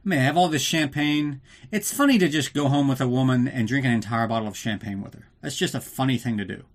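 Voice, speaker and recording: A man's voice: medium pitch, quick pace. A man hosting a casual movie recap podcast, ranting and sarcastic with plenty of swearing, drinking while he talks. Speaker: podcast host.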